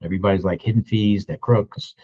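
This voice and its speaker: A low-pitched man in his sixties tells a story in an easy, conversational way, slipping into other people's lines as he goes. His voice is warm and slightly husky. The recording sounds a bit dull and lo-fi. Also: fairly even intonation, a little fast. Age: 60s. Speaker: real estate agent. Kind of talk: storytelling vlog.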